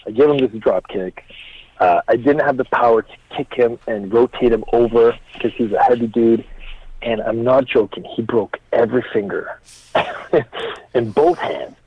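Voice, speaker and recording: A man's voice: mid-range voice, moderate pace, slightly rough, no echo. Laid-back man telling stories, swearing casually. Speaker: guest, pro wrestler. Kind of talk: casual podcast interview. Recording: dry, slightly dull podcast audio.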